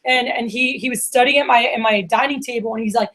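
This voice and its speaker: A woman in her thirties speaks in a fairly high voice. She gives a casual motivational talk to her team, loose and chatty, full of "like" and "you know". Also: quick pace, few pauses, a bit bright, a little hiss or hum. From Miami. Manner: casual and chatty, lots of "like" and "you know", acts out quoted friends. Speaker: division leader giving opening remarks.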